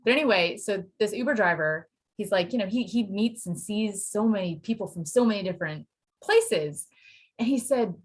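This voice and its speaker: A woman from Pennsylvania, a Spanish teacher, chatting as a podcast guest and telling lively stories with quoted voices. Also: mid-range voice, brisk, breathy edge. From Pennsylvania, USA. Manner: animated storytelling with acted quotes and laughter. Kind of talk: casual interview chat.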